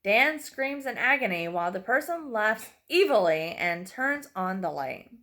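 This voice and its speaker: A woman reading a dark horror story aloud in a plain, mid-pitched voice. She narrates steadily, now and then stumbling over a word and apologizing before going on. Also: big pitch swings, unhurried. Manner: reads with occasional slips and apologies.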